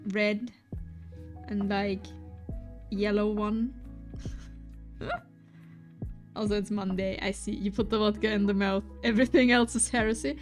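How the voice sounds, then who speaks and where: A woman's voice: mid-range voice, flat delivery, measured pace, pauses often. A woman with a German accent, chatting casually on her stream and reading chat aloud, giggly and full of restarts. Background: faint lofi music.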